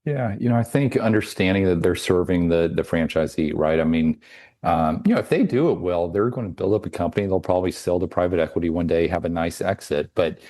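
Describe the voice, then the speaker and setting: A man talking as a franchise consultant guest on a podcast, giving measured advice. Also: sits low, mellow, no room sound. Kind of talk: podcast interview.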